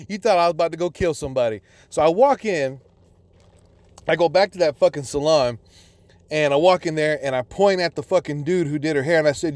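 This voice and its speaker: A man's voice: fairly high pitch, darkish tone, no echo. A man telling a personal story in a casual, profane, rambling way, full of restarts.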